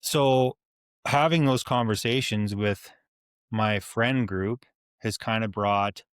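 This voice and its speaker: A man's voice: lowish voice, takes it slowly, clean tone, no room sound, studio quality. Frank fortyish man, swears freely. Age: 40s. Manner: candid, rambling, swears freely. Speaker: podcast co-host. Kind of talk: casual chat.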